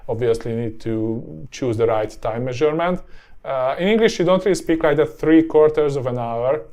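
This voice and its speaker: A man with a Hungarian accent, a native Hungarian speaker, teaching a language lesson in a slightly hoarse, tiring voice, often checking in with a rising "yeah?" and filling pauses with "uh". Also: medium pitch, mellow. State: voice getting hoarse.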